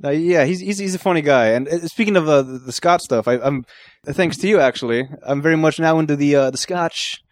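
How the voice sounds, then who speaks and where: A man's voice: on the high side, dry recording. A man co-hosting a casual podcast chat, often restarting his sentences. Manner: fast, stammering restarts. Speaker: podcast co-host.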